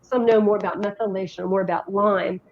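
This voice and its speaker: A woman's voice: medium pitch, steady tone, a little mellow, slight background noise. A middle-aged woman from New Jersey, telling her story as an interview guest in a chatty, rambling way. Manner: chatty, rambling, quick with many restarts. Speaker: guest, health education director. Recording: dull lo-fi sound.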